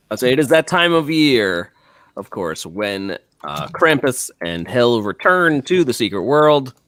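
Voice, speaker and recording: A man hosting a casual podcast, animated and quick to laugh. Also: medium pitch, no echo, studio quality. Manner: animated, giggly. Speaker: podcast host. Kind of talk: casual chat.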